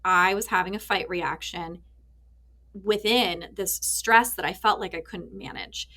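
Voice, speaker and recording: Her voice sits on the low side and her pace is measured. As a podcast guest, this thirtysomething therapist and author is an animated storyteller who performs the voices in her anecdotes.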